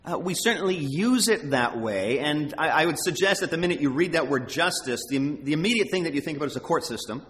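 Animated preacher in a reverberant hall. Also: male voice, fairly high pitch. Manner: animated, emphatic, halting restarts. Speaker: pastor. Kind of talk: sermon.

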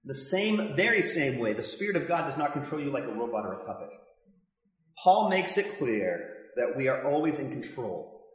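A man's voice: medium pitch, big pitch swings, moderate pace. An older man, a pastor, giving a passionate, conversational Bible teaching with asides to his listeners. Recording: very echoey hall reverb.

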